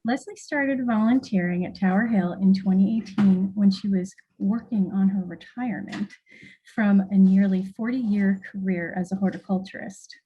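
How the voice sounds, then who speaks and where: A woman's voice: medium pitch, moderate pace, mellow, slightly rough, dull audio. A woman who coordinates volunteers, presenting an award in a pleased, formal way.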